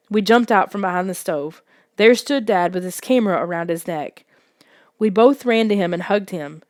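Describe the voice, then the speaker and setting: A woman narrating a children's suspense story in a soft, hushed audiobook reading. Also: fairly low pitch, measured pace, dry recording, studio quality.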